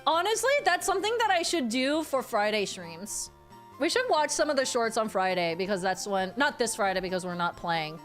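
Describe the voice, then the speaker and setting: A woman's voice: fairly high pitch, sing-song, moderate pace, a bit bright, soft background music. A woman streamer chatting casually with her viewers. She gets worked up easily, swears freely and often repeats her phrases.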